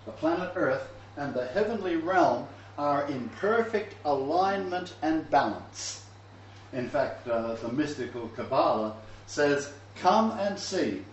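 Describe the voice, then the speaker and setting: A man's voice: on the high side, darkish tone, slight background noise. Man lecturing on scripture in a roomy hall. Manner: chatty, asides and chuckles between scripture readings. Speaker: Bible lecturer. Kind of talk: Bible lecture to a live class. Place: lecture room. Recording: roomy, distant, dull lo-fi room recording.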